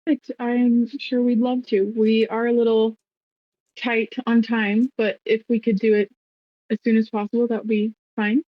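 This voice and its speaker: A woman's voice: on the high side, level tone, normal speed, no room sound, close to an everyday voice. A woman voicing a polite, earnest young woman adventurer who speaks hesitantly. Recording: dull lo-fi dry mic.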